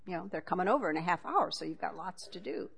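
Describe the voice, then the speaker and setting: A woman's voice: on the low side, lively intonation, quick pace, gravelly, breathy edge. A woman giving a conversational talk, reading passages from a book and adding wry asides with frequent chuckles.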